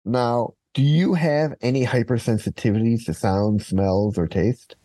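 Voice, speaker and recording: A man's voice: medium pitch, unhurried, dark tone, no room sound. A man chatting casually, telling a personal story and acting out what others said. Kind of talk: casual conversation.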